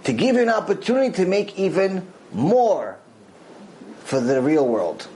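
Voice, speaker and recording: Man, religious lecture, lively pitch swings, repeats lines for emphasis, faint background noise. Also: normal speed, low-quality recording. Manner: animated, acts out God's voice in quotes, repeats phrases for emphasis. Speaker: Torah teacher.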